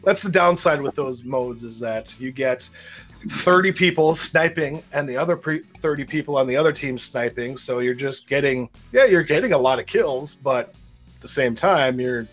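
A man's voice: mid-range voice, fairly bright tone. A man with a Minnesota accent hosting a casual gaming podcast, rambling and repeating words as he talks. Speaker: podcast host.

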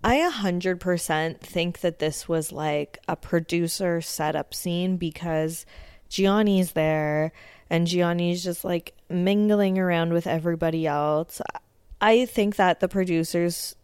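A woman's voice: on the low side, measured pace, darkish tone, clean tone, no room sound, clean studio sound. A woman hosting a podcast, giving a blunt, casual recap of a TV show, swearing often and filling with "like". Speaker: podcast host.

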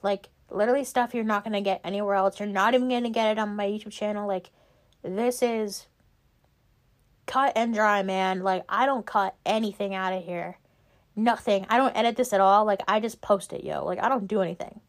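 A woman's voice: mid-range voice, fairly even intonation, a little fast. A young woman hosting a casual solo podcast, rambling with lots of "like" and "um" fillers. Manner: rambling, filler-heavy, frequent "like" and "um". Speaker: podcast host.

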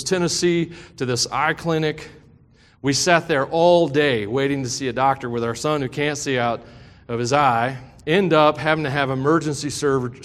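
A man's voice: mid-range voice, a bit bright. A middle-aged man preaching a sermon, telling a personal story that builds into impassioned preaching. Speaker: pastor. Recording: long hall reverb.

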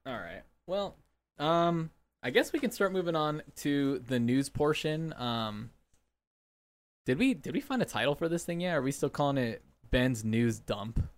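A man's voice: a little high, big pitch swings, measured pace. A young adult man hosting a podcast in a joking, upbeat way, with lots of fillers. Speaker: podcast host. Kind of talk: casual podcast chat.

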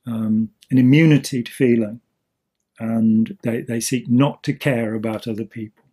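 Male co-host, husky voice, loose rambling explainer, casual chat. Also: mid-range voice, steady tone, moderate pace, warm tone. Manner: rambling, with many ums and restarts. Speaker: podcast co-host.

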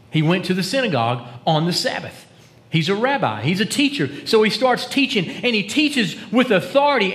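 A pastor preaching a conversational sermon, dropping to hushed tones for dramatic quotes. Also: male voice, high voice. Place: church.

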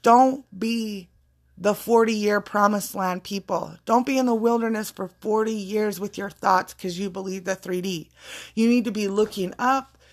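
Woman motivational speaker, gravelly, emphatic and repetitive, blunt profanity. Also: mid-range voice, unhurried. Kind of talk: casual spiritual pep talk.

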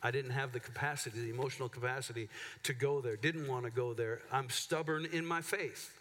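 A man preaches from the pulpit, telling a personal story in a candid, halting way full of restarts. His voice sits in a middle register. The sound rings with the long reverb of a church sanctuary. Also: mid-range voice, fairly even intonation, fairly bright tone. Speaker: pastor. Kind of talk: sermon.

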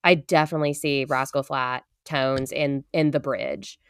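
A woman co-hosting a casual podcast, animated, often jumping into high playful voices when she quotes. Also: normal speed, clean tone, no room sound. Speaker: podcast co-host, student.

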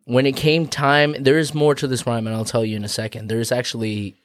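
A man's voice: mid-range voice, level tone, brisk. A man co-hosting a casual podcast, explaining things in a rambling, profane way full of asides. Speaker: podcast co-host. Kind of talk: casual chat.

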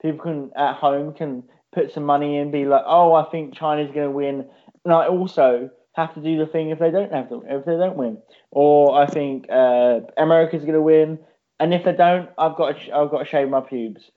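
A man's voice: fairly high pitch, steady tone, moderate pace. A man co-hosting a casual chat, rambling and swearing a lot, on a dull lo-fi recording. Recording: dull lo-fi sound.

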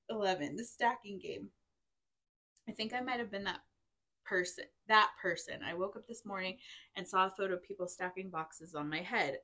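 A woman's voice: medium pitch, a bit bright. A woman hosting a group chat, reading funny drunken stories aloud to her friends, a little tipsy and giggly. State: tipsy, drinking wine. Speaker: podcast host.

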